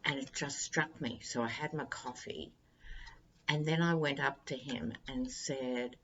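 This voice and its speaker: A woman's voice: extremely low pitch, unhurried, lo-fi sound, slight background noise. A woman, chatting wryly and directly to her viewers as a tarot-reading vlog host. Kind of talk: casual monologue to viewers.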